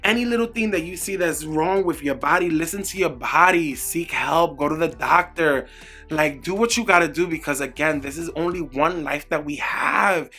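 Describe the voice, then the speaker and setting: This beauty vlogger, filming at home, delivers a profane, motivational pep talk, hammering his points by repeating words. He sounds a little high-pitched, his tone pushed and bright.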